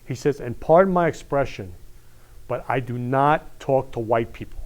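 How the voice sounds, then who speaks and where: A man's voice: mid-range voice, normal speed. A man hosting a live online show, talking in an effusive, heartfelt way and repeating affectionate greetings to viewers. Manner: effusive, repeats "I love you" often. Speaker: host. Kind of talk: emotional live-stream show talk.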